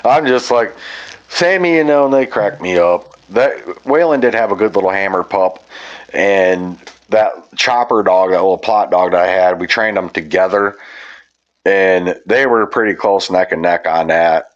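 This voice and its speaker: Profane rambling storyteller, low-voiced man. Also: moderate pace. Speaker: podcast host. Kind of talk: casual storytelling chat. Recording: dull lo-fi audio.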